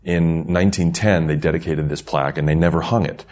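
Deep-voiced man telling a ghost story. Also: fairly quick. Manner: rambling, animated, laughs through the telling. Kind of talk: casual storytelling chat.

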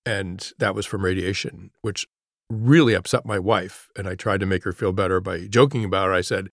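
Middle-aged male author, low voice, halting reflective storyteller, dry close sound. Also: steady tone, no room sound. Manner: halting, reflective, drops to a hush at grave moments. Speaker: guest, author. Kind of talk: personal storytelling in an interview.

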